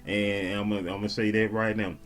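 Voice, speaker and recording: A man vlogging casually, shouting out viewers and reading their comments in a slangy, laid-back way. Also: on the low side, little pitch movement, fairly quick. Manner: slangy and laid-back, peppered with "you dig". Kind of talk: casual chat.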